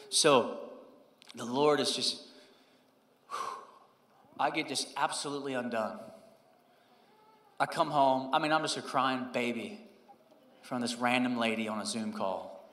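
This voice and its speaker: A young adult man, a pastor, telling a personal story in a conversational, animated sermon and dropping low and soft whenever he quotes God. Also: measured pace, long pauses. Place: church sanctuary. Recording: echoey church hall with long reverb.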